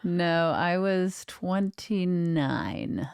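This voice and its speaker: A woman co-hosting a podcast, speaking in casual chat with a dry, deliberate delivery. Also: lowish voice, gravelly, a little mellow, smooth. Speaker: podcast co-host.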